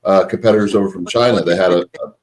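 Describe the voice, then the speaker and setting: Male podcast co-host and coach, low voice, halting delivery. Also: steady tone, a little mellow. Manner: hesitant, filler-heavy, agreeable. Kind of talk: casual chat.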